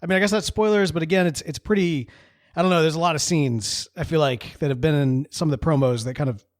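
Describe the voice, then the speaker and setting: Chatty high-voiced male podcast host. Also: fast talker. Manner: chatty, rambling, playful asides. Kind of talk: casual TV recap podcast.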